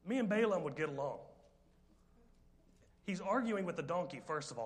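A man's voice: a little high, moderate pace, long pauses. A man preaching a sermon, telling a story with jokes, rambling asides and direct questions to the congregation. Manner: lively, joking, rambling with asides.

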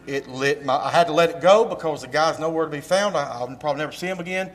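Folksy pastor, raised tone. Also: male voice, fairly high pitch, fast talker, over music. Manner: folksy, animated storytelling with emphatic rises. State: slight cough. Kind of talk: church announcements and sermon talk. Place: church sanctuary.

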